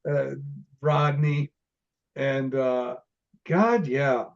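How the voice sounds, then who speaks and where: A man's voice: mid-range voice, drawn-out words, muffled recording. A middle-aged man, an interview guest, telling stories from his days as a film extra in a rambling, chatty way with many restarts and laughs. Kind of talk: casual storytelling interview.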